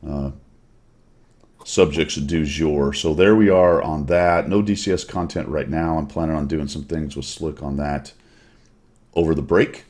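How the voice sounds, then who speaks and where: Brief: very low-voiced man, easygoing gaming podcast host, rambling chat. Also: fairly even intonation, a little slow, a little mellow. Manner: laid-back, rambling, enthusiastic.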